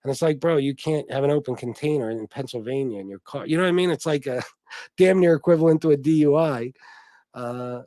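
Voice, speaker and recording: A man's voice: a little high, moderate pace, warm tone, dry recording. A man hosting a casual livestream, reading out donations and chat comments, rambling and swearing freely with many restarts. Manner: rambling and profane, with frequent restarts. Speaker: livestream host.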